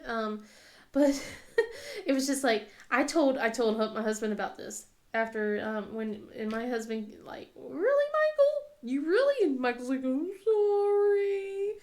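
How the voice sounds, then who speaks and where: A woman's voice: on the high side, moderate pace, darkish tone. A woman in her thirties chatting casually while crafting, telling stories with many fillers and laughs. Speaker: craft vlogger.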